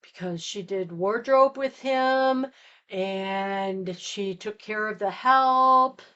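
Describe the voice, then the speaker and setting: A woman's voice: mid-range voice, slow pace, sharp tone, smooth, lo-fi sound. A woman in a casual movie chat who jumps in with corrections and plot details.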